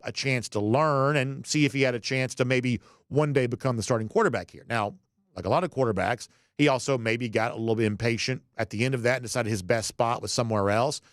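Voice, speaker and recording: A man's voice: mid-range voice, a little fast, dry recording, studio quality. A man hosting a college football podcast, talking in a conversational way with folksy asides. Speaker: podcast host. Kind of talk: sports commentary monologue.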